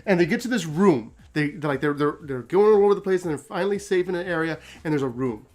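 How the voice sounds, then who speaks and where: A man's voice: a little high, lively intonation, fast talker, a little mellow, soft background music. A man hosting a casual story recap, talking animatedly, laughing often and acting out quotes. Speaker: host.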